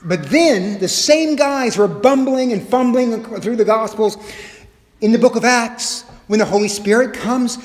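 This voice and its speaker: A middle-aged man preaching a sermon as pastor, expressive and humorous, shifting his pace and loudness as he acts out quotes. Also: extremely high pitch, unhurried, reverberant, in a large hall.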